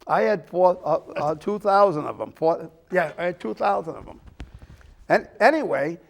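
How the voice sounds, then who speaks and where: A man's voice: high voice, lively intonation, normal speed, creaky. An older man, a talk show host rambling through a long story and acting out the people in it. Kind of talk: casual storytelling chat.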